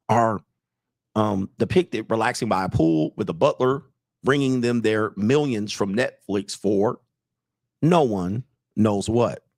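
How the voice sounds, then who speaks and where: Man, host, casual comedic commentary, rambling, excitable, dry close sound. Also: medium pitch, no room sound. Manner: rambling, repeats "all right", excitable asides.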